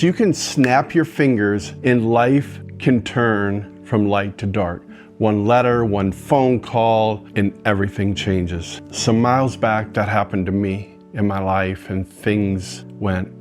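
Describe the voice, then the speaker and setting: A man's voice: slow pace, faint music behind. Older man telling a heartfelt story. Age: 60s. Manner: emotional, swings from hushed to loud and high. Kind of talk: spoken personal story.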